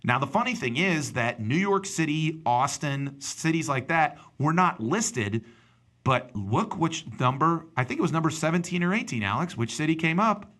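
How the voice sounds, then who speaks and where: A man hosting a talk show in easy banter. He rambles from one joke to the next, and his voice is bright and lively, moving a lot in pitch. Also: normal speed. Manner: rambling, jokey, puts on silly voices. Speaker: radio show host. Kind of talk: casual banter.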